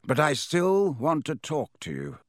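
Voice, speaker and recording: A man voicing an old, wise male headmaster in an audiobook, speaking slowly, gently and gravely. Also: fairly high pitch, huge pitch swings, no room sound, clean studio sound, pitched above the performer's own voice. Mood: gentle. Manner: slow, gentle, measured. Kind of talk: audiobook character voice.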